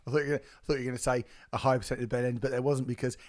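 A middle-aged man with a croaky, hoarse voice co-hosting a music podcast, joking and teasing in casual banter. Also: mid-range voice, flat delivery, rapid-fire. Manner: jokey, self-mocking banter with laughs. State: hoarse, recovering from lost voice. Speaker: podcast co-host. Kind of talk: casual chat.

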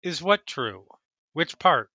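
A man narrating a tabletop game as dungeon master, explaining rulings in a measured, thoughtful way. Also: fairly high pitch, big pitch swings, sharp tone, no echo.

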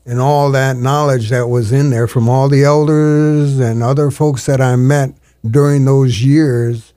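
A man in his seventies, a storyteller, talking in an interview in an earnest, halting way with frequent restarts, in a studio. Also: mid-range voice, fairly even intonation, warm tone, dry recording. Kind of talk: reflective interview talk.

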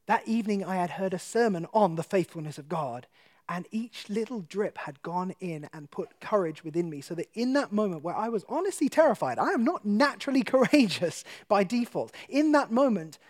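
A man tells a personal story of faith to an audience, lively and laughing often, then hushed in the tense parts. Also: sits high, fairly quick. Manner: animated storyteller who laughs often and drops to a hush for tense moments. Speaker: guest speaker. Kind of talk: personal testimony told to an audience.

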